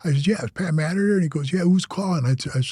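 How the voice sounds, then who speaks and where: Older male interview guest, rambling storyteller, husky and mellow, dry sound. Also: fairly high pitch, quick pace, dry recording. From Wisconsin. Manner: rambling, slangy, says "bro" and "man" a lot. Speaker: interview guest, former biker club president. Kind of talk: casual storytelling.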